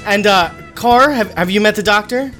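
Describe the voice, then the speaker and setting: A man hosting an improvised comedy podcast, interviewing in a halting, stammering way. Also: high voice, pushed and bright, faint music behind. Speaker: podcast host.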